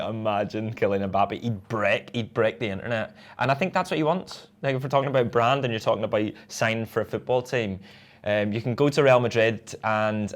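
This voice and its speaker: A man, co-hosting a casual football chat, talking in loose run-on sentences and laughing easily. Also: on the low side. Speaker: podcast co-host.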